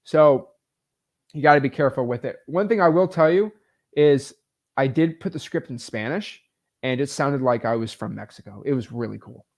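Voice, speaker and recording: A man teaching real estate wholesaling in a casual, energetic way, full of fillers like "like" and "um". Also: medium pitch, moderate pace, gravelly.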